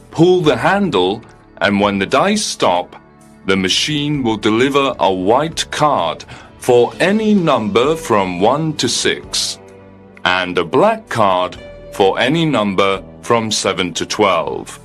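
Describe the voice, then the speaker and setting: A man voicing a calm, polite heavenly receptionist who speaks in a formal, coolly matter-of-fact way, in an audiobook reading. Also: medium pitch.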